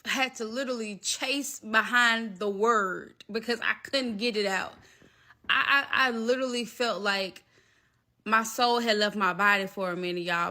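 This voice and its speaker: A woman telling a personal story to her viewers, animated and emphatic. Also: mid-range voice. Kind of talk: storytime vlog.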